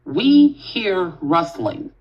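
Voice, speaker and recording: A woman telling a spooky childhood story in a casual, animated way, swearing freely and talking straight to her listeners. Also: lowish voice, drawn-out words. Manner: animated, profane, talks straight to the audience. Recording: dull lo-fi audio.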